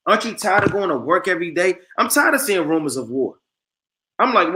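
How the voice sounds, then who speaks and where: A man preaching a sermon, reading scripture slowly and forcefully and peppering his talk with "man" and "you understand.". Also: sits high, animated. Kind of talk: street-style sermon.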